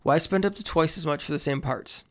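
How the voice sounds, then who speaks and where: A man hosting a sports podcast, reading sponsor ads in an energetic, playful way. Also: on the high side, fairly quick. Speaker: podcast host. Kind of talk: upbeat ad read and show segues.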